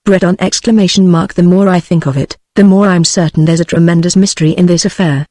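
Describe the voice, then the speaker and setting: A man's voice: high voice, fast, no room sound, clean studio sound, lightly acted. A text-to-speech voice with a British English accent reading the lines of a skeptical young man in an audiobook. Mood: earnest. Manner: even, plain text-to-speech delivery.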